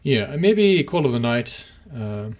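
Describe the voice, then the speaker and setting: A man's voice: medium pitch, sing-song, a little slow, a little mellow. A man co-hosting a podcast, chatting casually and rambling, with lots of fillers and restarts. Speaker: podcast co-host.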